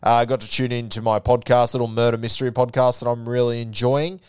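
Young Aussie bloke, casual podcast diary, smooth clear voice, dry close mic. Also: male voice, mid-range voice, flat delivery, a little fast, darkish tone, no room sound. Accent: Australian. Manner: chatty storytelling, swears casually. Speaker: podcast host.

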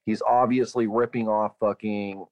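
A man's voice: on the low side, flat delivery, normal speed, no echo, lo-fi sound. A man co-hosting a casual film discussion, talking bluntly with a lot of swearing. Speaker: podcast co-host.

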